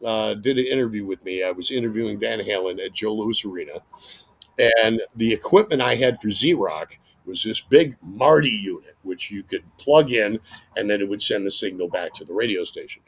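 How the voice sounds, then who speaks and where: Excitable gravelly male radio veteran. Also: on the low side, normal speed. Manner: excitable, breaks into loud acted-out exclamations. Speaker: radio host, guest. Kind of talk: animated anecdote telling.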